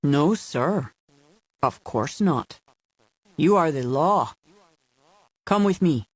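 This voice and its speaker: A man's voice: fairly high pitch, lively intonation, very slow, slightly rough, dry recording, full character voice. Man reading as a humble, polite caretaker. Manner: courteous, formal phrasing. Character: humble, polite male caretaker, soft-spoken.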